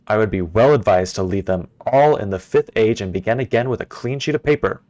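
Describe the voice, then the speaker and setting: A man's voice: lowish voice, fairly quick, a little mellow, highs cut off, close to an everyday voice. A man reading aloud as an arrogant older tyrant who writes scornful journal entries in a game. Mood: haughty.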